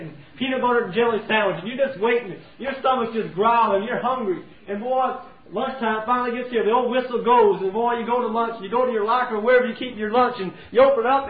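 Male preacher, high voice, folksy sermon, echoey church recording. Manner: folksy, acting out everyday scenes. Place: church sanctuary. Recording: tinny, roomy, from far off.

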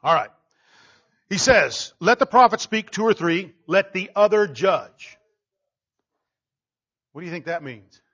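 A man with a high, light voice preaches in a loose, conversational way. He stays animated and keeps slipping into small acted voices to quote others. The recording sounds dull and lo-fi. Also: unhurried, pauses often. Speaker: pastor. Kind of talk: sermon.

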